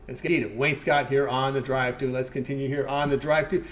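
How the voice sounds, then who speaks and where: A man hosting a live sports betting stream, giving picks and promotions in a quick, upbeat patter with fillers. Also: medium pitch, steady tone. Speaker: sports betting show host.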